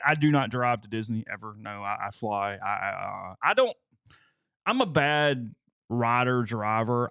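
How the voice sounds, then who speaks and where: A man's voice: mid-range voice, a bit bright, smooth, no echo, studio quality. Man telling travel stories, stammering. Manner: stammers on repeated words, tells stories at length. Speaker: co-host. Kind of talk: casual chat.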